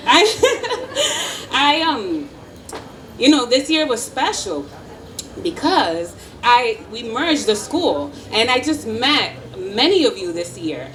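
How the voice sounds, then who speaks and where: A woman with a high, bright-pitched voice gives a heartfelt speech to graduates as school principal. She sounds emotional and encouraging. The recording is distant, with faint noise in the background of an outdoor event. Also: lively intonation, slow pace.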